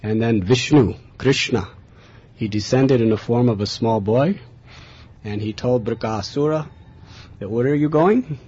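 A man's voice: mid-range voice, measured pace, pauses often, slightly rough. Earnest man telling a story. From America. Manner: earnest, animated in tellings, chuckling. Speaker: speaker telling his spiritual story. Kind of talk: personal storytelling talk. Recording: dull lo-fi recording with faint hiss.

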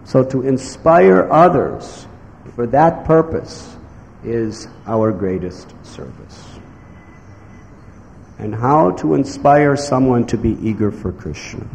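Man, devotional sermon, gravelly, slow emphatic phrasing, echoey hall, faint noise. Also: mid-range voice, animated, a little mellow. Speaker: spiritual teacher.

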